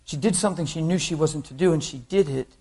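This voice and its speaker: A male preacher delivers a sermon in a slightly raised, husky voice. He tells his story with animation, dropping into quoted voices and laughing along with his listeners. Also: a little high, fast, mellow. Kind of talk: sermon with acted anecdotes.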